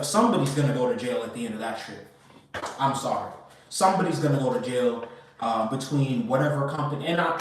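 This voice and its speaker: A crypto commentator with a mid-range voice rants casually, far from the mic in an echoey room. He's emphatic and profane, swearing often, repeating himself and rambling.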